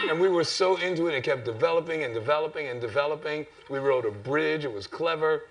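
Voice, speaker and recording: A man's voice: fairly high pitch, fast talker, few pauses, faint music behind. A man on a festival stage telling an anecdote expressively, acting out voices and swearing casually. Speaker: festival guest. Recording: distant mic in a hall.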